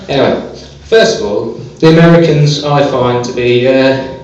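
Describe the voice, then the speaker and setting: A man performing a stand-up comedy set on a small club stage, delivering deadpan one-liners with hesitant fillers. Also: medium pitch, moderate pace. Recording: echoey, distant, dull live club recording.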